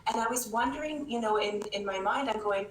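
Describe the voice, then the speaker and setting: A woman's voice: on the high side, fairly quick. A woman, a therapist guest in an interview, telling stories in a conversational way with many restarts. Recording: echoey room, faint noise.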